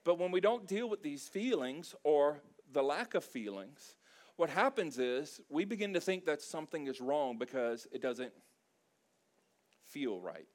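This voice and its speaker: Speaking at a measured pace in a voice on the high side, this middle-aged South Louisiana pastor delivers a sermon. His storytelling is animated and emotional, laced with humor and plenty of feeling.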